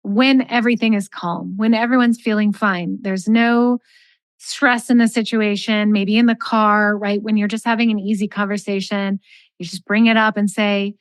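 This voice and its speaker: A middle-aged woman speaks as a life coach in a calm, measured way, sometimes voicing short sample exchanges. Her voice is mid-pitched and sounds close and dry, with no room around it. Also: no echo. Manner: measured, gentle, acts out sample dialogue. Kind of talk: calm advice in a podcast interview.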